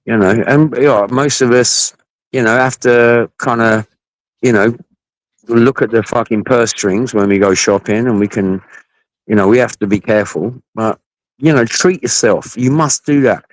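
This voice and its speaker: A man's voice: medium pitch, moderate pace, dry recording, poor audio. A man in casual panel chat on a video call, rambling through anecdotes and swearing freely. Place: home setup on a live video call.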